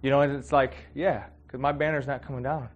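A man's voice: medium pitch, flat delivery, fairly quick, highs cut off. A man giving a casual, heartfelt sermon, talking conversationally with many fillers and getting emotional. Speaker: preacher.

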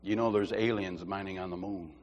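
A man's voice: low-pitched, steady tone, fairly quick, lo-fi sound, pitched below the performer's own voice, natural voice. A man voicing a know-it-all male coworker with alien theories, speaking in a matter-of-fact, insistent way. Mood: flat. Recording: long hall reverb.

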